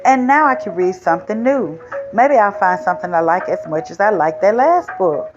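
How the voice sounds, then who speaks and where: A woman's voice: medium pitch, animated, moderate pace, over music, lightly acted. A woman voicing a small, boastful, possessive male seed in an emphatic, sing-song storybook delivery, on slightly dull lo-fi audio. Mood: cheerful.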